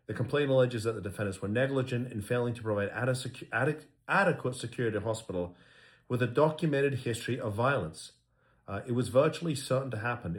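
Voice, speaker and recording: A middle-aged man with a somewhat low voice gives casual spoken commentary as a lawyer. He is earnest and speaks with many ums, uhs and restarts. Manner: earnest, repeats himself, many fillers.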